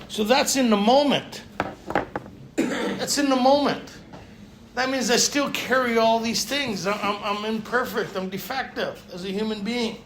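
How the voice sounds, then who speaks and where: A man speaking casually to a group at a retreat, often checking in with his listeners. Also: high-pitched. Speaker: recovery speaker at a men's retreat. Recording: faint room ambience and noise.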